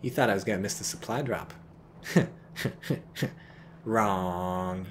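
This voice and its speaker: A man's voice: fairly low pitch, racing. A man giving casual, rambling commentary on a strategy game, joking and swearing as he goes. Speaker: game caster.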